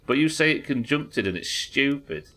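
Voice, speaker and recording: A man's voice: mid-range voice, big pitch swings, normal speed, pushed and bright. A man streaming a game live, chatting casually with his viewers and swearing freely as he goes. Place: home streaming setup.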